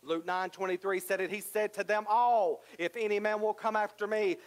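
High-voiced preacher man. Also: steady tone, normal speed, hardly any pauses, poor audio. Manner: preaching with rising emphasis and repetition. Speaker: pastor. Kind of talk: sermon.

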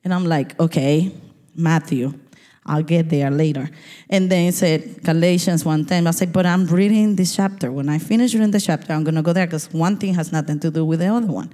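A woman pastor giving a lively, conversational sermon, laughing often as she preaches. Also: on the low side, fast, few pauses. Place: church sanctuary. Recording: church hall reverb.

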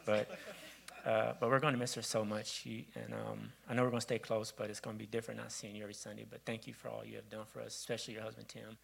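A man giving an earnest farewell tribute to his pastor in church, halting and restarting. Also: lowish voice, flat delivery, vocal fry, fairly bright tone, slightly rough, rough recording. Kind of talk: heartfelt church farewell speech. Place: church sanctuary.

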